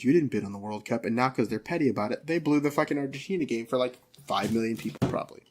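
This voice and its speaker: A man on a podcast, venting and swearing in a loose, exasperated rant. His voice is husky and his pitch sits in an ordinary middle range. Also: expressive, fast talker, hardly any pauses, a little mellow. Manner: profane, exasperated ranting. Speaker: podcast co-host.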